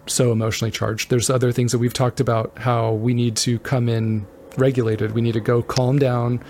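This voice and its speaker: An earnest man co-hosting a relationship talk show. He speaks at a middle pitch in a relaxed, conversational way. When he quotes an upset partner, his voice jumps higher for a moment. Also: normal speed, slight background noise. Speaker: relationship podcast co-host. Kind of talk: casual advice chat.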